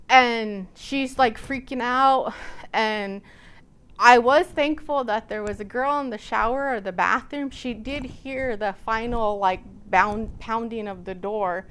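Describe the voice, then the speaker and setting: A woman from Nebraska tells a personal story as a guest lecturer. Her voice is smooth and clear and sits a little high. She keeps it animated and acts out each exchange she recounts. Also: a little slow. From Nebraska, USA.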